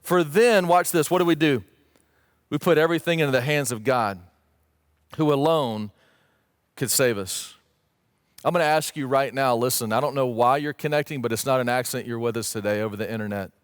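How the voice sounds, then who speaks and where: A man's voice: mid-range voice, a little fast, no echo, clean studio sound. A man preaching a sermon as pastor, earnest and emphatic, rising into pleading questions. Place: church stage or studio, streamed online.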